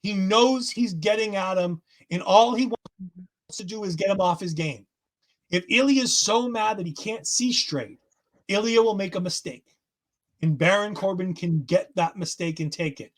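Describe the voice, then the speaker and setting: A man with a notably high voice, talking as a podcast host. He recaps events in a lively, enthusiastic way. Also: moderate pace. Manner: enthusiastic, acts out quotes in voices. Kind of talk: casual wrestling recap chat.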